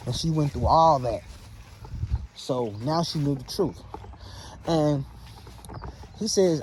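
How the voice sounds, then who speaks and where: Man, storytime narrator, casual, conversational, mellow voice, slightly high pitch. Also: a little hiss or hum, low-quality recording. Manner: relaxed and conversational, with drawn-out "and" fillers.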